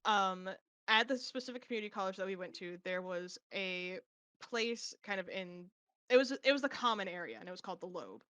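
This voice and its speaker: A young adult woman, a podcast guest, telling a story in casual chat with lively, casually profane delivery. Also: medium pitch, a little fast, dry recording.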